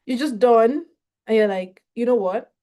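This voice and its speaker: A woman giving a mental health training session on a video call, talking in a lively, conversational way and acting out short dialogues. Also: a little high, a little slow. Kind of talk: online training talk.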